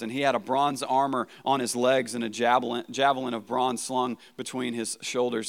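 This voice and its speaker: A man's voice: mid-range voice, fairly bright tone. A man preaching a sermon as a pastor, talking in a casual, conversational way, often checking in with "right?" and restarting words.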